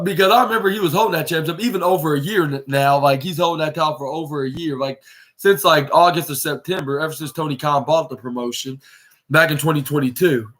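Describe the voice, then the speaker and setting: A man with a fairly high-pitched voice recaps a wrestling show on his podcast. He talks in an excitable, rambling way and keeps restarting his sentences as he goes. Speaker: podcast host.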